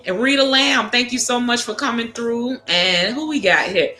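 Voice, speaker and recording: Give me a woman host, talking frankly and cussing, a bit higher pitched, recorded in an echoey room. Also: normal speed, sharp tone. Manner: frank and salty, lots of cursing and laughter. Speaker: livestream host. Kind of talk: casual chat to viewers. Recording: echoey room with music behind.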